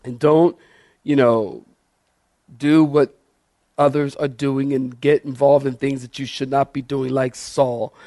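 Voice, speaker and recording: A man's voice: medium pitch, steady tone, slow, dark tone, no room sound, clean studio sound. A middle-aged male pastor preaching a sermon, passionate and emphatic, calling on the congregation to respond.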